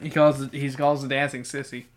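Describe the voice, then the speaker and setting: A podcast host with a brisk, mid-range voice reads a children's book aloud, riffing on it with profane, sarcastic jokes. The delivery swings from flat reading to loud outbursts.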